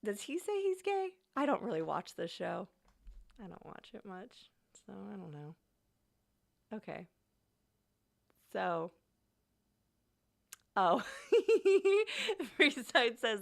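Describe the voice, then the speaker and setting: A woman streamer chats casually, rambling and giggling before her words trail off. Her voice is gravelly and bright, and she speaks slowly with a lively, swooping pitch.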